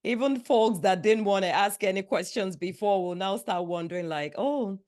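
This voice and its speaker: Female podcast host; mid-pitched, encouraging, affirming interviewer. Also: normal speed, darkish tone. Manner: encouraging, affirming with short responses.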